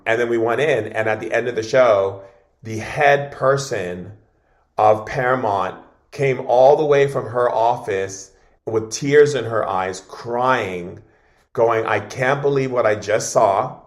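A man as an interview guest, telling an animated story and acting out what others said. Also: fairly low pitch. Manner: expressive, dramatic storyteller acting out dialogue.

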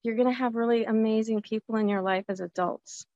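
A woman's voice: fairly high pitch, steady tone, a little fast, darkish tone, dry recording, lo-fi sound. A woman in her forties hosting her own show, talking candidly and animatedly outdoors, sometimes slipping into the voices of people she remembers. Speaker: podcast host. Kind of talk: casual personal monologue. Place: outdoors at a zoo by a lake.

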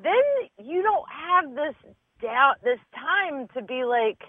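A woman's voice: sits high, sing-song, takes it slowly, crowd noise. A woman stand-up comedian chatting as a guest, candid and swearing casually as she acts out her own thoughts. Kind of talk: casual podcast chat. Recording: dry, tinny phone-like sound.

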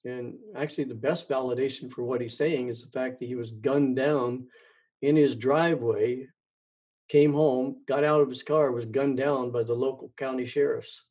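Man, host monologue, mellow dark tone, breathy husk, halting and repetitive. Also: mid-range voice, steady tone. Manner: halting, repeats words, many ums. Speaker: podcast host. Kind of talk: rambling monologue.

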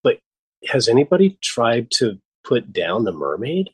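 Husky-voiced man, halting spiritual host. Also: mid-range voice, sing-song, a little mellow, dry recording, poor audio. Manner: halting, many restarts and fillers, bursts of enthusiasm. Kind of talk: casual spiritual chat.

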